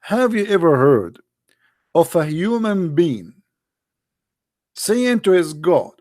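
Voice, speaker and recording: A man delivers mocking polemical commentary, leaning on rhetorical questions. His voice sits noticeably high, and his English has broken grammar. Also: sing-song, takes it slowly, darkish tone. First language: Arabic. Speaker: religious critic.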